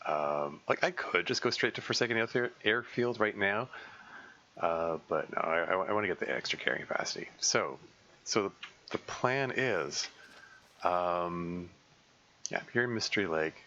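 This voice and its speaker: A man streaming a survival game, talking through his plans in a halting way full of fillers and restarts. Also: low voice, expressive, bright, forceful tone, lo-fi sound. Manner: halting, thinking aloud with many fillers and restarts. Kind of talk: casual live gameplay commentary.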